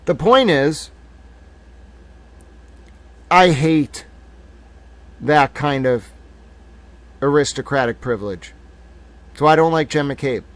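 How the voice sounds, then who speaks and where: A man's voice: a little high, expressive, takes it slowly, long pauses, no room sound. Heated, profane man ranting on stream. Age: 30s. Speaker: livestream host. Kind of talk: live-stream commentary.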